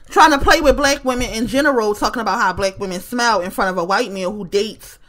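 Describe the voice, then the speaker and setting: A woman vents straight to camera in a casual vlog, her voice pitched high and ringing bright. She is blunt and profane, repeats her points for emphasis, and breaks into laughter often. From West Baltimore, US. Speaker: vlogger.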